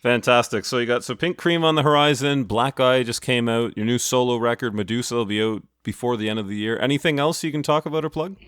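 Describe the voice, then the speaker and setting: A man's voice: medium pitch, quick pace, hardly any pauses, a bit bright, clear, resonant tone, no echo. A man hosts a casual music interview with plenty of enthusiasm, laughing easily with his guest. His mid-range voice is recorded close and dry, with no room sound. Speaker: podcast host.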